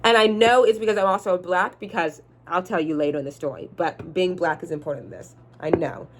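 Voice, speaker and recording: Animated young woman telling a story. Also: fairly low pitch, a little fast, a little hiss or hum. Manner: animated, chatty, talks straight to the viewers. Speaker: vlogger. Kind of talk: storytime vlog.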